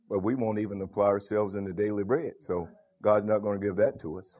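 A man's voice: medium pitch, muffled recording. A man preaching an informal sermon to a small congregation, calling out to members by name.

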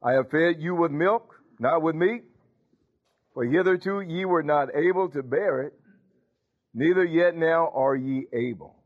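A man's voice: fairly high pitch, a little slow. A male pastor, preaching a sermon in a folksy call-and-response manner, laughing often. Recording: tinny phone-like church recording.

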